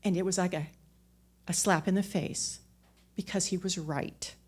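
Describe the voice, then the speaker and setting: A woman's voice: lowish voice, steady tone, normal speed, a little mellow, breathy edge. A woman telling a personal story on a theater stage into a microphone, candid and self-mocking, often restarting her words.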